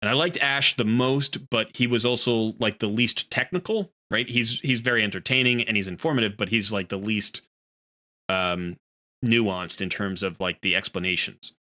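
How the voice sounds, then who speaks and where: A man's voice: fairly low pitch, moderate pace, sharp tone, dry recording. A man hosting a live game stream, chatting casually and rambling with lots of fillers. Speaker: streamer host.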